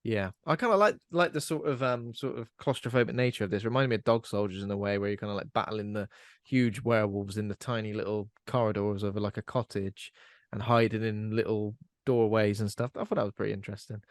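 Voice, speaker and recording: A man's voice: on the low side, steady tone, fairly quick, dry recording. A man co-hosting a casual film podcast, chatty and rambling with frequent fillers. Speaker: podcast co-host.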